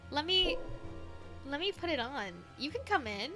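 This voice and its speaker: A woman streamer talks loosely and playfully, giggling and swearing as she plays. Her voice sits fairly high over faint game music. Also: lively intonation, normal speed. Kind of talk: casual live-stream chat.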